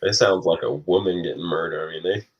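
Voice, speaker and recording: A man's voice: sits low, steady tone, quick pace, slightly rough, lo-fi sound. A man co-hosting a podcast, chatting casually with dry joking asides. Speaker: podcast co-host. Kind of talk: casual chat.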